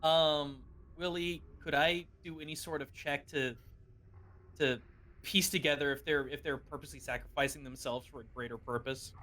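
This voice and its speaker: A man's voice: fairly high pitch, fairly even intonation, normal speed, sharp tone. A man chatting eagerly as a player in a tabletop role-playing game. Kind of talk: casual tabletop game chat.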